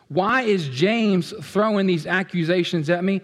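Animated male preacher, fairly high voice. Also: a little slow, hardly any pauses. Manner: animated preaching, swings between loud outbursts and hushed asides; playful, acts out what people feel. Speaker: pastor. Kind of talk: sermon.

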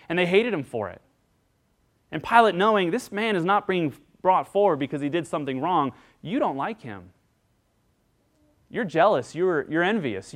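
Addressing his congregation earnestly, a pastor preaches a sermon and acts out the figures he quotes, his pitch and loudness climbing.

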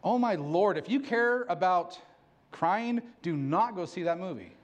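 A man's voice: high-pitched, expressive, unhurried, highs cut off. A middle-aged man preaching a sermon, candid and self-mocking, laughing often. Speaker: pastor.

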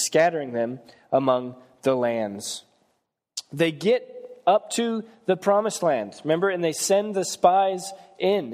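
A man's voice: on the high side, a little mellow, in a large hall. A man preaching a sermon, reading scripture and retelling Bible stories in plain conversational words.

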